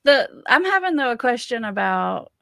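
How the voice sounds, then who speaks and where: A woman's voice: on the high side, sing-song, normal speed, vocal fry, sharp tone, dry recording, clean studio sound. A woman hosting a casual talk about addiction, thinking aloud and asking careful questions as a counselor. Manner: thoughtful, questioning, talks through ideas with restarts. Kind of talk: casual conversational discussion.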